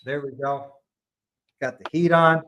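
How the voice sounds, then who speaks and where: A man's voice: a little high, steady tone, measured pace, noisy background. An American man and army veteran talking casually from his garage, earnest and fond of telling stories. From United States. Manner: earnest, storytelling. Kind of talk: casual chat. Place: garage at home.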